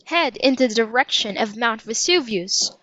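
A woman's voice: on the high side, animated, normal speed, a bit bright, lo-fi sound. A woman reading a cautious young boy. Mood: worried.

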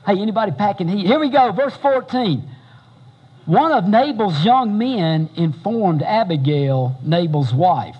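A male pastor preaches in a folksy, animated storytelling manner. His voice is fairly high for a man and husky. He banters with his listeners as he goes. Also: measured pace, pauses often, lo-fi sound. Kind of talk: sermon.

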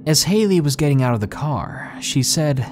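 A man reading a scary true story aloud in slow, hushed, dramatic narration, with faint music behind him. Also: a little high, animated. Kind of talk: scripted horror story narration. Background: faint background music.

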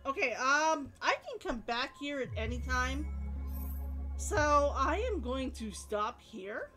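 A woman's voice: high-pitched, animated, slow, pushed and bright, soft background music. A woman streamer chatting casually to her viewers while playing a game and reading its dialogue aloud.

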